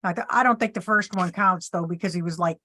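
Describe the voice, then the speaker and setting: A woman with a lowish voice talks fast in a casual chat, telling funny stories. She acts out what people said, animatedly, and laughs along often.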